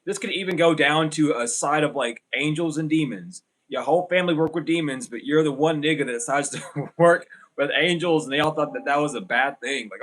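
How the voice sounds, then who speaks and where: A man's voice: on the high side, a little fast, fairly bright tone, slight background noise. A young man giving a casual tarot reading, rambling and blunt with plenty of swearing. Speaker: tarot reader.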